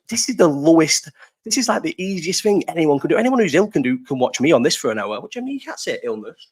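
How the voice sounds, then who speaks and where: A man's voice: a little high, big pitch swings, fast talker, breathy edge. Rambling, laughing man in his thirties. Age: 30s. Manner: rambling, swears a lot, laughs often. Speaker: live stream host. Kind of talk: casual live chat. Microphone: desk mic set too low.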